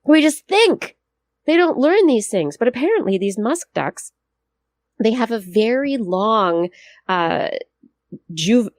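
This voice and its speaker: A woman's voice: mid-range voice, a little mellow, dry recording. A woman co-hosting a science podcast, explaining a study in a chatty way and laughing easily. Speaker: co-host. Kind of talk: casual science podcast chat.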